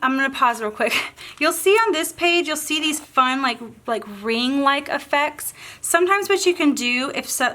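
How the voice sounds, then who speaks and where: Painting while she talks, a Southern woman hosting a craft tutorial thinks out loud in a chatty, bubbly way. Her voice sits high and sounds bright, forceful and animated, at a normal speed.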